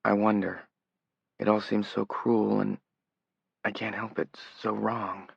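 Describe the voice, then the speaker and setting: A man's voice: lowish voice, little pitch movement, takes it slowly, creaky, husky, no room sound, full character voice. A man voicing a tearful, anxious young woman, his voice rising as she pleads. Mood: tearful, pleading. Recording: dull lo-fi audiobook recording.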